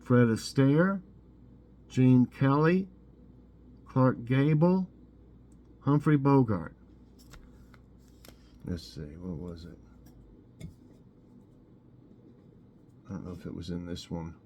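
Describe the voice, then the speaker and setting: A man's voice: mid-range voice, lively intonation, very slow, pauses often, muffled recording, slight background noise. A man hosting a casual morning trivia vlog, chatting and musing as he reads out questions, options and answers. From Tennessee. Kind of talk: casual trivia quiz, reading answers aloud.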